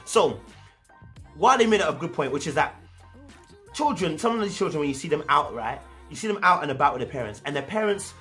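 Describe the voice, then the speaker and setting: A man with a London accent giving a casual, animated commentary as a show reviewer, slipping into slang and acting out parents. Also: a little high, fast talker, faint music behind.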